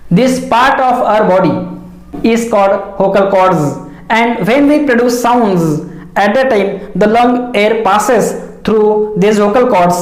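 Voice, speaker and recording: A woman giving a measured, explanatory lesson, repeating key phrases. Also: a little high, a little mellow. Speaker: English teacher. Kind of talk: instructional lecture. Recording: echoey room.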